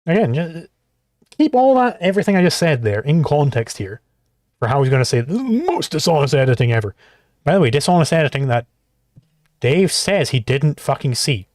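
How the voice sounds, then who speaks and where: A man's voice: fairly high pitch, very animated, moderate pace, darkish tone, dry recording, clean studio sound. A man hosting a livestream, reacting to clips in exasperated, profane commentary. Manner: exasperated, swears often.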